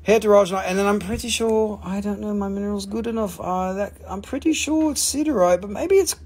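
A man hosting a live mineral sale, excitable and joking with viewers, often swearing. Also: high-pitched, brisk. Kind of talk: excited live-stream sales patter.

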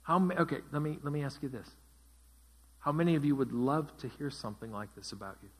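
Husky pastor teaching a group. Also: male voice, mid-range voice, quick pace. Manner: asks the group questions and repeats their answers. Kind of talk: interactive Bible study teaching. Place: church.

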